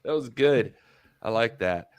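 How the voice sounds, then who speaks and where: A man's voice: mid-range voice, lively intonation, a little slow, smooth, no echo. A man co-hosting a casual wrestling talk show over a video call, chatting in a loose, rambling way. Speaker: podcast co-host. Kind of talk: casual chat.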